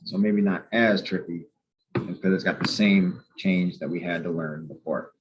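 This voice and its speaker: Low-voiced man patiently teaching a lesson. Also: steady tone, moderate pace, noisy background. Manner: patient, methodical, spells out letters. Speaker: Spanish teacher. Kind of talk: explaining a grammar lesson. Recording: slightly muffled lo-fi recording.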